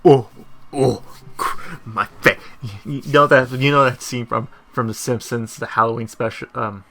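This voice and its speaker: A man's voice: medium pitch, steady tone, unhurried, gravelly, bright, forceful tone. A man giving rambling gameplay commentary, laughing often and tripping over his words. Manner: rambling, laughing, lots of fillers and restarts. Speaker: gaming youtuber.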